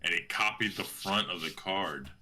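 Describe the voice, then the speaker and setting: A man with a low voice and a bright, forceful tone. He chats offhandedly on a podcast and chimes in with asides and memories. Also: normal speed, a little hiss or hum. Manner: offhand, reminiscing. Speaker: podcast co-host. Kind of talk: casual chat.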